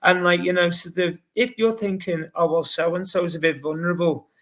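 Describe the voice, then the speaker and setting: Man, 40s, Scouse accent, chatty storyteller, slightly higher voice. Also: steady tone, fairly quick. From Liverpool, England. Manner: chatty storyteller, acts out quotes. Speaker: guest, marathon runner. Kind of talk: casual podcast chat.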